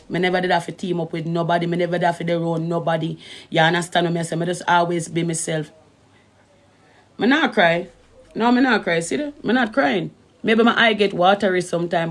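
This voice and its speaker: A woman's voice: lowish voice, fairly even intonation, a little fast. A middle-aged woman with a Jamaican accent ranting on a casual live stream, emphatic and repeating "you understand" again and again. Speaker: social media streamer.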